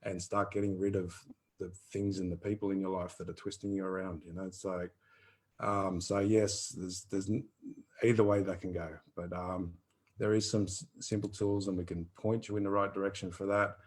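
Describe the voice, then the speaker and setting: A man's voice: sits low, normal speed, poor audio. A man around fifty, chatting casually and rambling animatedly as he answers listener questions in a live Q&A. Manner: rambling, animated, earthy wording.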